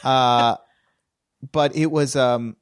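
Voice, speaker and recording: A man's voice: medium pitch, steady tone, drawn-out words, clean tone, no room sound, studio quality. A man who is a comedian, a guest on a podcast, telling wry, self-deprecating stories in casual chat.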